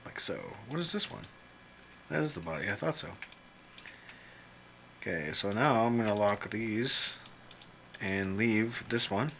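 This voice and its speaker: Drawing characters on screen, this illustrator keeps up a loose, jokey running commentary to himself, sprinkled with mild swearing. His voice is lowish and expressive with a sharp tone, a little slow and full of pauses, over slight background noise.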